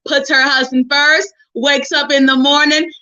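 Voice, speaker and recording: A middle-aged woman hosting a relationship forum, telling her own story to listeners in a lively, preachy way and calling them honey and sis. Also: high-pitched, a little slow, dull audio. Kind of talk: personal testimony to listeners.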